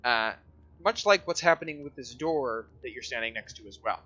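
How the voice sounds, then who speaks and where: A man's voice: medium pitch, animated, normal speed, sharp tone, husky, lo-fi sound. A man running a tabletop game as dungeon master, describing scenes in a rambling, hesitant way with many fillers.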